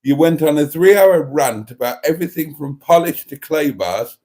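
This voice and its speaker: A man's voice: on the high side, lively intonation, normal speed, a little mellow. A middle-aged man hosting a casual livestream, reading viewer comments aloud in a raised voice and answering with mock denials and chatty asides.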